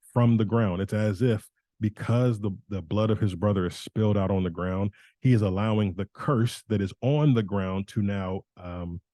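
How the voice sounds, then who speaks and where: A male Bible teacher talks through scripture informally and conversationally. He often restarts and corrects himself mid-sentence. His voice is low and mellow, and the sound is dry. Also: dry recording.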